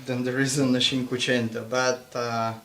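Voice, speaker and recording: A man hosting a casual car chat, talking slowly and hesitantly with frequent laughs, recorded inside a small old car. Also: medium pitch, little pitch movement, crowd noise. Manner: slow, hesitant, laughs often. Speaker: host. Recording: loud car and road noise.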